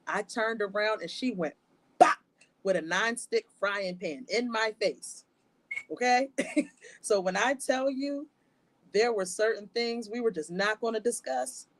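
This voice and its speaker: A woman co-hosting a podcast, telling stories in a lively way and laughing often. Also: on the high side, unhurried, dry recording. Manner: animated storyteller, laughs often. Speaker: podcast co-host. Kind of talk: casual chat.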